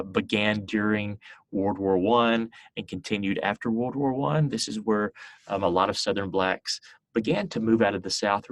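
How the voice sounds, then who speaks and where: A man's voice: on the low side, no echo. A man teaching a history class in a recorded lecture, explaining step by step with frequent fillers and restarts.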